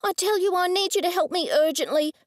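A woman's voice: very high voice, a little fast, no echo, pitched above the performer's own voice. A woman voicing a rude, overbearing middle-aged woman who snaps and demands, in an audiobook. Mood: snappish. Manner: snappish, demanding.

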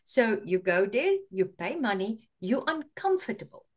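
A woman's voice: medium pitch, sing-song, measured pace. Earnest woman coach giving marriage advice. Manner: earnest, repeats words while explaining. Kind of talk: talk show advice.

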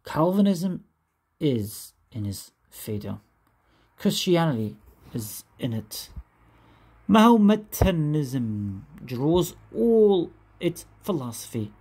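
A woman reads an old essay aloud at an unhurried pace. Her voice is husky with a gravelly edge, and her pitch rises and falls a lot. She goes carefully and restarts when a difficult name trips her up. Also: darkish tone. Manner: careful, stumbles and restarts on hard names. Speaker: reader. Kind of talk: reading a classic essay aloud.

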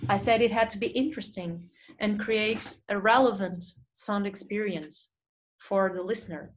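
On a small video mic or phone, a woman whose voice runs on the high side with a fairly bright tone presents a live webinar Q&A. She reads out questions from the audience and answers them in a chatty manner with many fillers.

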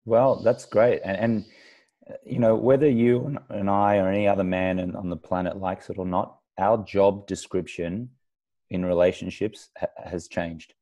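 A man's voice: sits low, steady tone, moderate pace, warm tone, highs cut off. A man with an Australian accent hosting a podcast interview, thinking aloud with frequent restarts and fillers. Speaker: podcast host. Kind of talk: conversational interview.

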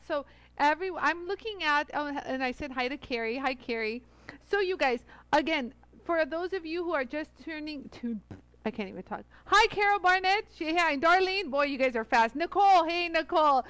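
Chatty high-voiced woman livestream host. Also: no room sound. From Los Angeles area. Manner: chatty, effusive, animated greetings. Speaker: livestream host demonstrating jewelry tools. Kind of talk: casual live chat greeting viewers. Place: studio bench under bright lights.

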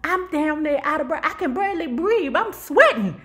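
Sassy, high-voiced woman storyteller. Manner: sassy, animated storyteller who keeps asking the audience "you heard me?"; dramatic emphasis with drawn-out words. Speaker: vlogger telling a story. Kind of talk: casual storytime while doing makeup.

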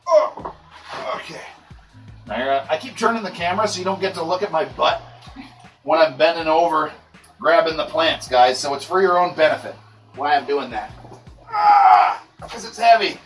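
Easygoing male streamer, slightly high voice, heard from across a boomy room. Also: animated, moderate pace. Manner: laid-back, rambling with many fillers. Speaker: livestream host. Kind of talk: casual livestream chat. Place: indoor grow room. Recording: echoey room, voice far from mic, faint music.

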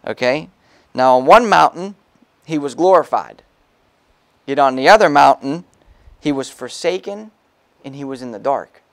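A man's voice: medium pitch, animated, normal speed, vocal fry, pauses often, a bit bright, dry recording. A pastor preaching a sermon in a casual, conversational way, reading scripture aloud and checking in with his listeners. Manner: casual preaching, reads scripture aloud, frequent "okay?" asides. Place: church.

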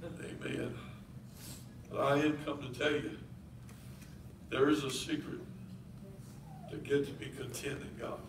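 A man's voice: medium pitch, little pitch movement, a little slow, pauses often, background noise. Preacher man in echoey church. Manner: building to shouted preaching with dropped-g country grammar. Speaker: pastor. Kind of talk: sermon. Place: church sanctuary. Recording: echoey church heard from far off.

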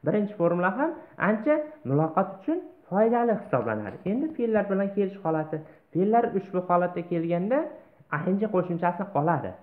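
A man teaching an online English lesson, reading word lists slowly and clearly. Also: high-pitched, very animated. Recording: tinny phone-like sound.

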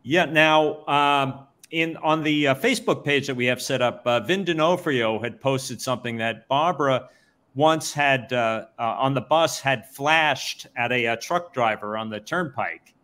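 Male host, mid-pitched, easygoing questioner with fillers. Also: a little slow, fairly bright tone. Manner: prompting questions with hesitant fillers and laughs. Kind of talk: live-stream interview.

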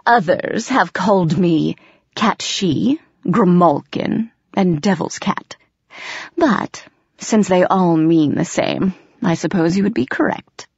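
A woman's voice: fairly low pitch, slow pace, gravelly, darkish tone, husky, no room sound, exaggerated voice. A huge gray tomcat drawls in an amused, purring voice, lazy and sly, as a woman puts him on. The recording is dry and a little dull.

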